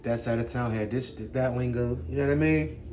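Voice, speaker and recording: A man's voice: medium pitch, fairly quick, a little mellow, a little hiss or hum. A man ranting in a casual vlog, blunt and profane, firing off rhetorical questions. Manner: blunt, profane street talk. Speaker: vlogger. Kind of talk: casual rant to camera.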